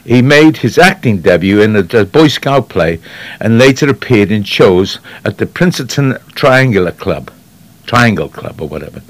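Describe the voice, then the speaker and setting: Rambling man, low voice. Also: sing-song, moderate pace, no echo. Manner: rambling, anecdotal, trails off. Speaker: radio guest on classic actors. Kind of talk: casual radio chat.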